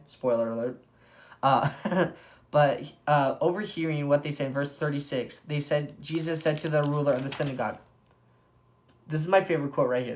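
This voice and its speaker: A young man giving a casual Bible devotional. He is excitable, says "like" constantly, and breaks into bursts of enthusiasm. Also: mid-range voice. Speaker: devotional speaker.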